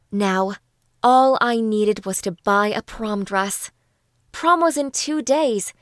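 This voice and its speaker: A woman narrating a first-person audiobook in a calm, even storytelling manner. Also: a little high, dry recording, studio quality.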